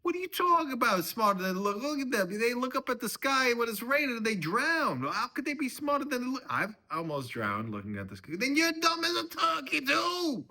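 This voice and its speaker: A man voicing a belligerent older father-in-law, shouting in a comic dramatic reading. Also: fairly low pitch, very animated, fast, hardly any pauses, breathy edge, voice pushed up, heavily acted. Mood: outraged.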